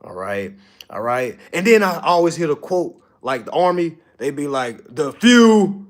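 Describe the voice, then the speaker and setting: Blunt, animated man with a lively voice. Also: fairly high pitch, moderate pace. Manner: blunt, profane, animated, repeats "all right?". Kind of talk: casual motivational monologue.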